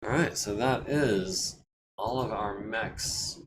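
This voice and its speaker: A man casually talking through repairs while streaming a strategy game, his throat a bit scratchy and often cleared. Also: on the low side, slow. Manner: relaxed, thinking aloud while managing repairs. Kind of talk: casual let's-play commentary.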